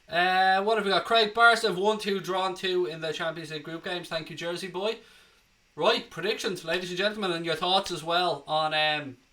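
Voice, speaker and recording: A man's voice: fairly high pitch, bright, forceful tone. An Irish man hosting a live football watchalong, chatting cheekily and reading out viewer comments. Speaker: host.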